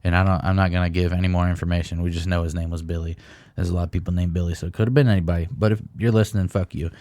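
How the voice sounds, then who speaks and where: A man's voice: deep voice, steady tone, very fast, warm tone, dry recording. A young man co-hosting a comedy podcast, telling rambling stories full of swearing. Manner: profane, rambling storyteller. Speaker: podcast co-host. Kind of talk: casual comedy chat.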